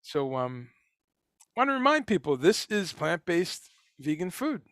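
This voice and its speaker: A man's voice: a little high, sing-song, measured pace, fairly bright tone, dry recording, studio quality. A man hosting a casual livestream, talking about food in a rambling, enthusiastic way with many fillers and restarts. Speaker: livestream host.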